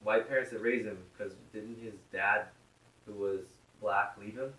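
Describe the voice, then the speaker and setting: Casting: bright-voiced man, blunt casual host, recorded off-mic in an echoey room. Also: fairly low pitch, fairly even intonation, measured pace, recorded from a distance. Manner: blunt, rambling, swears freely. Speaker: podcast host. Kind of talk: casual chat. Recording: roomy echo, from off-mic.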